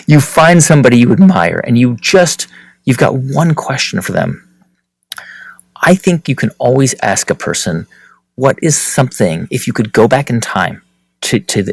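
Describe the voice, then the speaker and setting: A man speaking as an interview guest, animated and often restarting his sentences. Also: mid-range voice, vocal fry, no room sound, low-quality recording. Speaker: podcast host and author, interview guest. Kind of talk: conversational interview.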